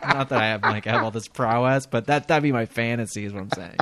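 A man's voice: mid-range voice, fast talker, a bit bright, no echo. A man co-hosting a casual podcast who keeps jumping in with crude jokes and laughs. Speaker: podcast co-host.

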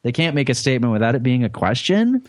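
A man's voice: medium pitch, sing-song, fast, no room sound. A man co-hosting a comedy podcast, telling a news story in casual, profane, rambling chat. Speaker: podcast co-host.

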